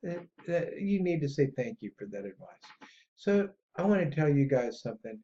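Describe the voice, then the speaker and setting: A man hosting a podcast in a casual, rambling monologue that gets excitable. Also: normal speed. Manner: excitable and rambling, jumps between pitches. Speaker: podcast host. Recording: dull lo-fi audio.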